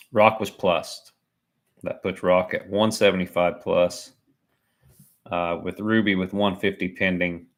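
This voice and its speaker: Deep-voiced joking man commenting live. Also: a bit bright. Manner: chatty and joking, laughs at himself. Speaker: livestream commentator.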